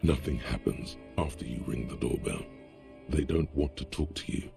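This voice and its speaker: A man giving scripted narration for a video game, in a measured tone. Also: extremely low pitch, dark tone, heavily acted. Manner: gravelly, measured. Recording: game audio over the stream, faint music.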